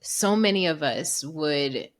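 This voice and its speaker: A woman hosting a podcast, talking in an animated, chatty way, often laughing and acting out what people say. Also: low-pitched, slow. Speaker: podcast host. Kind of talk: casual conversation.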